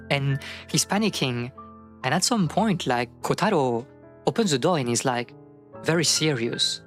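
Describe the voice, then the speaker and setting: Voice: mid-range voice, animated, moderate pace, faint music behind. A streamer casually retelling a folk tale, rambling with many fillers and acting out the quotes.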